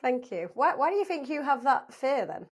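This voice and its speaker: Lively South African-born woman storyteller. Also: high-pitched, moderate pace, slightly rough. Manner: lively storyteller, laughs often, acts out quotes. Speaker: guest. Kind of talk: casual interview chat.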